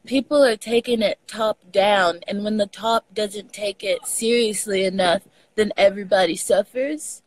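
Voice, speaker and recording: A woman's voice: medium pitch, measured pace. A woman from Texas with a Southern accent, a guest telling stories with lots of laughter in a casual chat over a video call. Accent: Southern US, Texan. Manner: laughing, animated storytelling.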